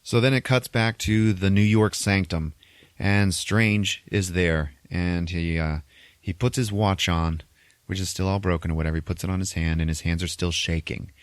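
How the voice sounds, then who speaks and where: A man hosting a podcast, recapping a movie in a casual, animated way, swearing freely and laughing often. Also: sits low, normal speed, no echo. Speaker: podcast host.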